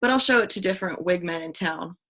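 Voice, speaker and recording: A woman reads a clever teenage boy detective from a storybook. He talks in a steady, soothing way and reasons things out. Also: on the low side, quick pace. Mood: calm. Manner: steady and reassuring.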